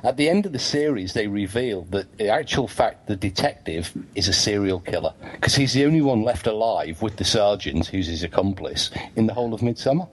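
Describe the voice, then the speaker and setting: A man's voice: fairly low pitch, animated, fairly quick, hardly any pauses, breathy edge. A male podcast host from England, chatting casually and teasing his co-host and guest with dry humor. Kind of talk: casual chat.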